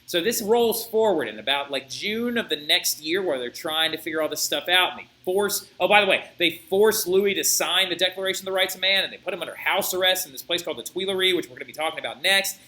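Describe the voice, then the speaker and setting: A young male history teacher giving a video lecture, telling the story in an animated way and often checking in with "right?". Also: high-pitched, quick pace, few pauses, poor audio. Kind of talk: flipped-classroom video lecture.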